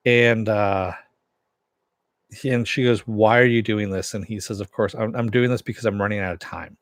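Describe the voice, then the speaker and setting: A man's voice: fairly low pitch, fairly even intonation, moderate pace, dry recording, clean studio sound. A man casually recapping and reviewing a TV episode, telling it in a rambling way with lots of fillers. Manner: rambling, filler-heavy retelling.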